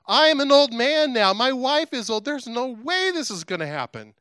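A man's voice: extremely high pitch, big pitch swings, moderate pace, pushed and bright, smooth, no echo, studio quality, voice pushed up, exaggerated voice. A man voicing a doubting old male priest who sputters out incredulous questions in a sermon retelling.

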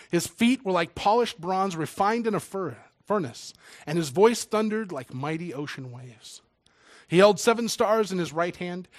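A man's voice: a little high, dry recording. Emotional man preaching, dry close sound. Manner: emotional, swings from loud reading to hushed intimate words. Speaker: preacher and church drummer. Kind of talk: sermon.

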